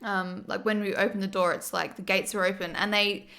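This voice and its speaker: A woman's voice: medium pitch, a little fast, gravelly. Chatty, giggly woman streamer. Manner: chatty, giggly, animated storyteller. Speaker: livestreamer. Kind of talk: casual livestream chat.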